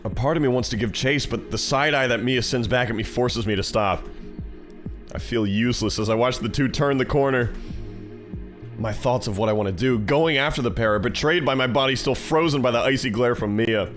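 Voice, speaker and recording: A man's voice: mid-range voice, a little fast, fairly bright tone, faint music behind. Joking man reading a game aloud. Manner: profane, jokey asides to chat. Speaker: streamer reading a visual novel. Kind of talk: reading aloud with casual reactions.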